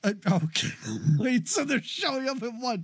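A man's voice: very high-pitched, normal speed, husky. A man co-hosting a movie podcast, chatting casually and joking with frequent laughs. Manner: animated, jokey, laughs often. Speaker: podcast co-host.

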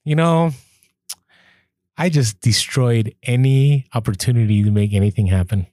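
At a normal speed and medium pitch, a male podcast co-host chats and spins stories, performing the quoted exchanges with lively animation. The sound is studio quality, with no room sound.

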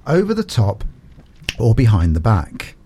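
Male radio host, chatty and playful, lively pitch, quick-fire questions. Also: slightly rough. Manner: chatty, playful, laughs often. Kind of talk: casual quick-fire interview.

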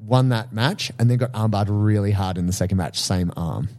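A man co-hosting a podcast, telling stories in a casual, animated way and laughing at himself. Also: on the low side, brisk. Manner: animated storytelling, laughs often, self-deprecating. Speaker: podcast co-host.

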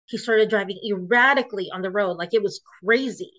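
A woman's voice: mid-range voice, fast, a bit bright. A woman guest recounting a painful personal story in an emotional way, full of fillers and restarts. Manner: emotional, filler-heavy retelling with many restarts. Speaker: podcast guest. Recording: muffled lo-fi recording.

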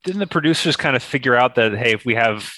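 Guy hosting the show, bright dry voice, asks stuff casually, kinda trips on words. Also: medium pitch, expressive, fast talker, no room sound, poor audio. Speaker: podcast host. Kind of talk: casual interview questions.

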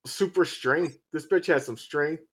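A man's voice: fairly high pitch, a little slow, fairly bright tone, husky. A man in casual conversation, bluntly and profanely retelling scenes from a film. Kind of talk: casual movie review chat.

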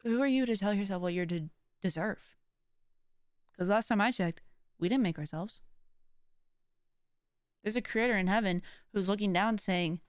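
A woman's voice: medium pitch, moderate pace, pauses often, smooth, no room sound, clean studio sound. Chatty woman giving a faith pep talk. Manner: chatty, full of "like" and "kinda"; earnest and encouraging. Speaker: podcast host. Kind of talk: casual faith-based motivational talk.

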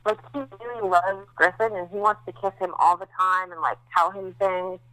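A woman's voice: fairly low pitch, fairly even intonation, normal speed, pushed and bright, dry recording, rough recording. A woman in her thirties, a podcast co-host recovering after childbirth, telling stories in a candid, chatty way with many fillers. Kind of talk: casual chat.

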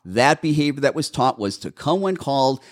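A man's voice: mid-range voice, lively intonation, fairly quick. A middle-aged man co-hosting a casual talk on dog training, acting out owners and dogs with big jumps in his voice. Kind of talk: casual podcast chat.

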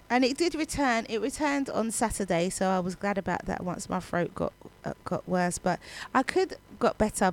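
A woman radio DJ with a young child, telling a story in a chatty way between songs, her throat still recovering. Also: mid-range voice. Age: adult parent. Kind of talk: casual radio chat.

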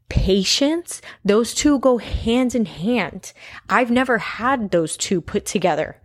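A woman's voice: mid-range voice, no echo, clean studio sound. A woman in her twenties talking candidly to camera in a casual confessional monologue, emphatic and swearing freely. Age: 20s. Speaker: vlogger.

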